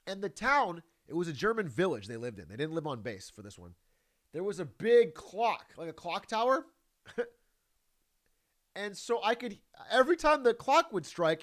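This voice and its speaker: A man with a fairly high voice whose pitch leaps around as he tells a story and reacts to a clip. He laughs a lot, swears casually and talks in a loose, chatty way. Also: lively intonation, moderate pace. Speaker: YouTuber reacting to a video.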